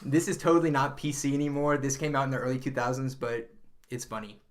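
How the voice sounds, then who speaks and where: A man in mid-range pitch, co-hosting a podcast in a loose, casual chat. He rambles along animatedly, peppering his talk with "like," "uh," and bursts of laughter as he recounts things. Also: fast. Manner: rambling, animated retelling with frequent laughs and fillers. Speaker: podcast co-host.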